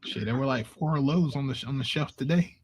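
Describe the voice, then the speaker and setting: A man chatting casually on a livestream in a laid-back, halting way. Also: mid-range voice, slightly rough.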